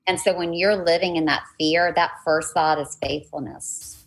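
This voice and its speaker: A woman's voice: sits low, steady tone, normal speed, creaky, husky, low-quality recording. A woman life coach talking earnestly in a casual conversation, chatty and faith-filled, often restarting her sentences.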